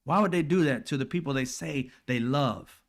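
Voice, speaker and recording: A man's voice: mid-range voice, normal speed. A man, giving blunt, profane, heated political commentary as a host in casual speech.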